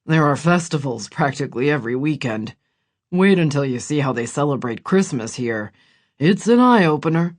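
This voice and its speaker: A man voicing Gideon, a quiet ex-soldier. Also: fairly high pitch, lively intonation, normal speed, lightly acted. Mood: reflective. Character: Gideon, reformed ex-soldier older brother. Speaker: audiobook character voice.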